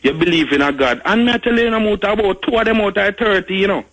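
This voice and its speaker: A man's voice: sits high, quick pace, fairly bright tone, poor audio. A Jamaican man calling a radio show by phone, rambling in casual chat and often saying "you know.". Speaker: radio caller. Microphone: phone call.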